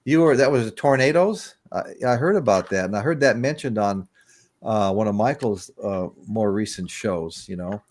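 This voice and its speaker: A man's voice: on the low side, moderate pace, a little mellow. A man in his sixties from the United States, hosting a casual livestream chat and telling rambling stories with chuckles. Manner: rambling storyteller, chuckling, greets chat viewers. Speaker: livestream podcast host.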